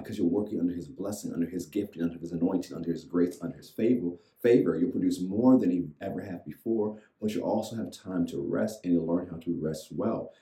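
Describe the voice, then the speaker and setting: A man's voice: sits low, warm tone, roomy sound, rough recording. A man pastor preaching a sermon to an online audience, leading them in reciting lines with rhythmic repetition. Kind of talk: sermon with call-and-response.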